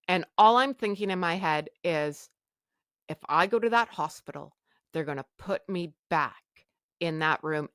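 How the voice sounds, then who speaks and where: A woman's voice: on the low side, no room sound, clean studio sound. Woman telling a raw personal story. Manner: animated retelling with quoted dialogue. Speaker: podcast guest sharing her story.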